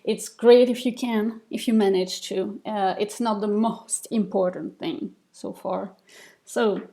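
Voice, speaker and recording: A woman's voice: medium pitch, dark tone. A woman teaching a beginner reading lesson, explaining step by step in a patient way, with fillers and small restarts. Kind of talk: recorded lesson over slides.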